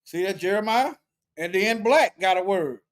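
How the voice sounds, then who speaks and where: Here a man with a high, animated voice, speaking at normal speed, leads a loose Bible study. He thinks aloud in everyday language, often repeating himself and restarting phrases while reading word entries from a lexicon.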